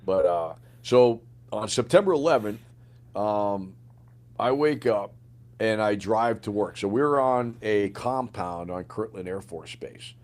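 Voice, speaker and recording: An older man, a retired soldier, telling stories in a casual interview, acting out the dialogue and swearing freely. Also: lowish voice. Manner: animated storyteller, acts out quoted dialogue, swears freely. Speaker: guest, retired Green Beret sergeant major.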